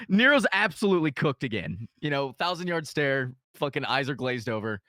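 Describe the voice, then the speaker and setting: A man telling a story in casual podcast chat, animated and full of profanity. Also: medium pitch, moderate pace, no room sound, studio quality.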